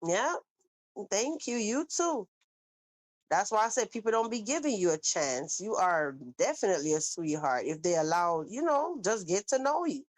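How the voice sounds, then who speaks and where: A chatty woman hosts a casual live stream and reads viewer comments aloud. She is animated and familiar, and she keeps calling people baby. Her voice sits at a medium pitch and is recorded close and dry. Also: moderate pace, no room sound, rough recording. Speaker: livestream host reading chat.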